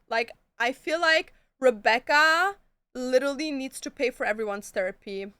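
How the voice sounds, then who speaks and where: A woman's voice: high voice, a little slow, fairly bright tone, clear, resonant tone, no room sound. A woman streamer chatting casually with her chat, gushing about books and shows and swearing freely. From Canada.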